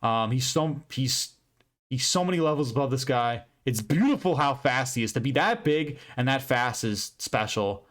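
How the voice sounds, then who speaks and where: A man's voice: mid-range voice, lively intonation, moderate pace, fairly bright tone. A young man hosting a fight predictions channel, giving casual, profane, emphatic commentary with lots of rambling.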